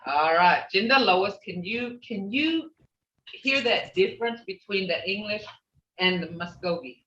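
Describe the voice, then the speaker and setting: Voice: mid-range voice, lively intonation, a little slow, bright, forceful tone, distant mic, a little hiss or hum. A language teacher leading an online class, patiently repeating phrases to model their tone. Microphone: video call. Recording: roomy, dull video-call audio.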